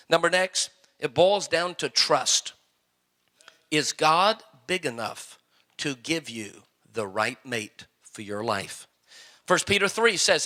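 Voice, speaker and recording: A man's voice: fairly high pitch, animated, a little slow, pushed and bright. A male pastor preaching a sermon to young people, folksy and full of joking stories.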